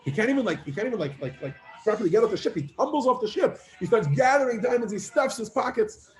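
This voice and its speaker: A man teaching a class, telling a long parable with lively acted-out voices and casual fillers. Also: high voice, quick pace, soft background music. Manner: animated storyteller, acts out characters with many fillers. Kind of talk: storytelling lesson to students.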